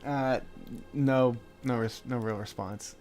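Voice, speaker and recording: A man narrating a tabletop game as game master, lively and full of restarts. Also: medium pitch, takes it slowly, faint music behind. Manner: animated, restarts often.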